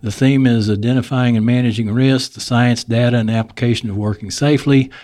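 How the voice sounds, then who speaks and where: A man's voice: mid-range voice, darkish tone. A man with a Texas accent hosting a podcast, chatting in a folksy, joking way and laughing often. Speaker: podcast host. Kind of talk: casual interview chat.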